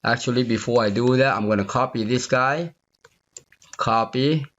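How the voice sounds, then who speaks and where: A man teaching a software tutorial while he debugs on screen, thinking aloud, repeating phrases and asking the viewer if they see it. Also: medium pitch, moderate pace, dull audio. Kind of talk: unscripted screen-recorded coding walkthrough.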